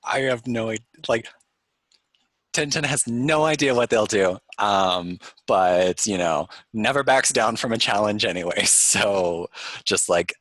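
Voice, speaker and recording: Man player, slow laid-back talk, low voice, dry sound. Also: fairly bright tone, dry recording. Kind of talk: tabletop role-play.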